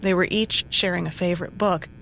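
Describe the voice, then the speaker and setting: A podcast host giving a calm, scripted introduction and asking a follow-up question. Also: mid-range voice, brisk, gravelly, slight background noise. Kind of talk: scripted narration and interview. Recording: music playing under the voice.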